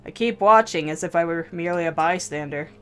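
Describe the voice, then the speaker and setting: Let's-play host, a woman, low-pitched, slow measured visual-novel narration. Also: a bit bright, clear, resonant tone, faint music behind. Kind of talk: reading a visual novel aloud.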